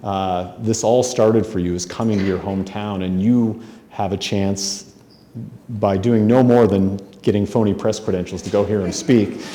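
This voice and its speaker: Middle-aged male author, low mellow voice, conversational storyteller at a podium. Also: steady tone, moderate pace, slight background noise. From Spokane, Washington, USA. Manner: self-deprecating, conversational, frequent ums and restarts. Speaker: author giving a talk. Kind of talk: anecdotal storytelling speech. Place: hotel conference room.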